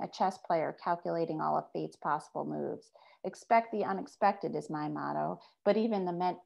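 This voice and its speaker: A woman author reading her own fiction aloud in a measured first-person voice. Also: fairly low pitch, vocal fry, a little mellow.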